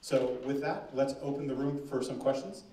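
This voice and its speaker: A man's voice: medium pitch, normal speed, mellow. A man moderating a question-and-answer session at a forum, with light, joking asides. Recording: echoey conference room, distant mic, faint noise.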